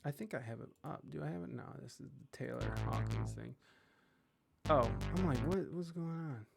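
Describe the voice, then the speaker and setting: A man's voice: mid-range voice, moderate pace, gravelly, husky, faint music behind. A man hosting a livestream, chatting casually and rambling with plenty of swearing as he reacts to clips. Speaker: livestream host. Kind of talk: casual chat.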